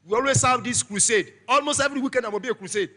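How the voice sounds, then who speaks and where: Middle-aged Nigerian pastor, very high and sharp voice, shouts and call-and-response in a church sermon. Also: male voice, very fast.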